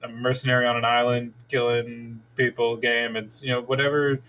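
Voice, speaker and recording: A man's voice: mid-range voice, flat delivery, moderate pace, sharp tone, rough recording. A man co-hosting a casual gaming podcast, rambling with many fillers and restarts. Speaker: podcast co-host. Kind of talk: casual chat.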